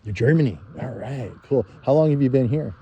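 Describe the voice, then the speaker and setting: Jokey man with a mellow voice. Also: medium pitch, brisk, breathy edge, highs cut off. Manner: jokey, enthusiastic interviewer. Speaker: host, tree planter. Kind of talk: casual outdoor chat. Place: outdoors in a yard.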